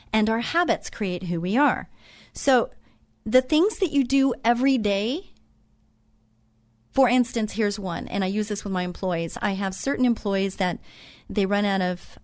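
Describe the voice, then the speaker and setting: A middle-aged woman hosting her own radio talk show, telling folksy stories and giving earnest advice, repeating her points and filling pauses with um and uh. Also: mid-range voice. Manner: chatty, folksy storytelling with frequent um and uh. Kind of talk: motivational talk show monologue.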